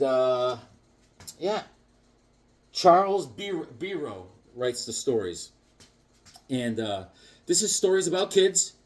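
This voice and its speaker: A man talking casually about the comic books he has collected, jokey and theatrical, breaking into little bits and voices. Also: mid-range voice. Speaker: comic book collector and video host. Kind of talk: casual vlog chat.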